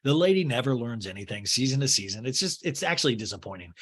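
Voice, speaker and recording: A man's voice: mid-range voice, very animated, quick pace, fairly bright tone, breathy edge. A man hosting a podcast and recapping a reality TV episode with sarcastic, exasperated commentary. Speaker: podcast host. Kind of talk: comedic TV recap.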